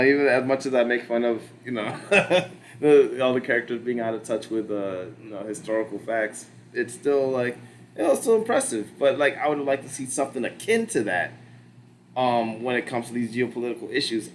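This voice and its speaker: Brief: young male podcast host, loose, rambling, swears casually, mid-pitched. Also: a little fast, slight background noise, poor audio. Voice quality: rambling, full of fillers and swearing. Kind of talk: casual chat.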